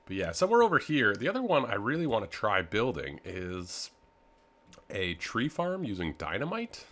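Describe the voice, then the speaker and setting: Chatty man with a lively voice. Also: lowish voice, moderate pace. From Canada. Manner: rambling and easygoing, lots of filler words. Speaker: gaming video host. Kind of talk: casual game commentary.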